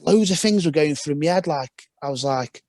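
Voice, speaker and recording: Talkative man, higher voice. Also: lively intonation, normal speed, a little mellow, no room sound. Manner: rambling storytelling with frequent restarts. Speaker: podcast guest, former footballer. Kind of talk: casual podcast conversation.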